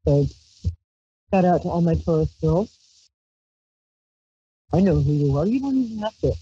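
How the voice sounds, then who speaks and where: On a psychic call-in radio show, a Brooklyn woman reads tarot cards with a handheld mic, her warm, husky voice low-ish, animated and moderately paced. She's chatty, rambling and playful, given to squealed exclamations. There's no room sound, just dull, dry lo-fi stream audio.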